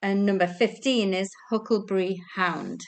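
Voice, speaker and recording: A woman's voice: mid-range voice, fairly even intonation, normal speed. Chatty woman quiz host. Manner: chatty, giggly, self-deprecating. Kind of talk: casual online quiz hosting. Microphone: video call.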